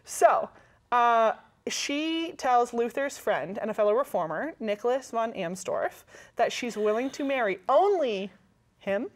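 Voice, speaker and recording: A woman with a Canadian accent, co-hosting a casual chat and telling a story in a lively way, often checking in with her listeners. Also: a little high, a little slow. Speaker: co-host.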